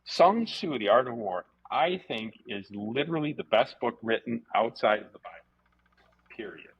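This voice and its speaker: A man, a martial arts instructor, telling stories casually as a guest, animated, repeating words and swearing freely. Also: mid-range voice, moderate pace, slight background noise. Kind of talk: casual storytelling interview. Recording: dull lo-fi podcast audio.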